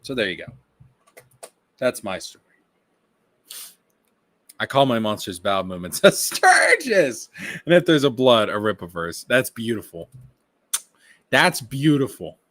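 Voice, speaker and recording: Animated man mocking in stream commentary. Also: on the low side, a little slow, long pauses, no room sound. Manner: excitable, profane, mocking. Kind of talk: reaction commentary.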